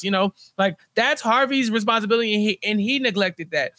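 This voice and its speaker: A man's voice: high voice, fairly quick, hardly any pauses, bright, forceful tone, no echo. A man co-hosting a TV recap podcast, ranting animatedly and breaking into mocking impressions. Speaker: podcast co-host.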